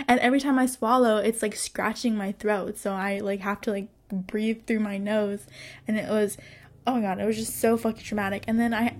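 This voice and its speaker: A young woman in her twenties telling a storytime to her viewers in a casual monologue, chatty and swearing freely, with many fillers and frequent laughter. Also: medium pitch. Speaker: vlogger.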